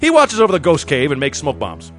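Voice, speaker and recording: A man's voice: fairly high pitch, huge pitch swings, quick pace, a bit bright, soft background music. A man playing a tired middle-aged masked-hero father in a comedy sketch, coaxing and matter-of-fact.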